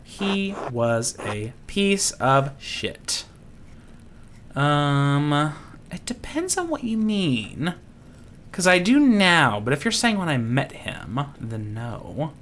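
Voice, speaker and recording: A man giving casual let's-play commentary, swearing and laughing as he jokes. His pitch jumps around in a lively, animated way. A faint background hiss sits under the voice. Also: slow pace. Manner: profane, giggly, joking. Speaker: game streamer.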